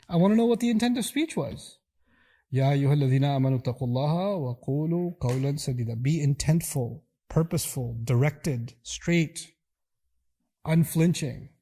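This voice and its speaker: A man's voice: a little high, dark tone. A man teaching a religious lesson in an earnest, emphatic way, acting out quoted exchanges in shifting voices. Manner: earnest, emphatic, spells out lists of qualities. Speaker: preacher and teacher.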